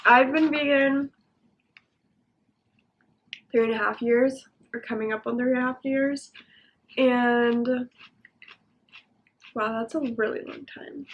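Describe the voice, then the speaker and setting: A young woman hosting a casual mukbang chat at home, talking while she eats, chatty and quick to giggle. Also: on the high side, fairly even intonation, a little hiss or hum. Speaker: vlogger host. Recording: dull lo-fi sound.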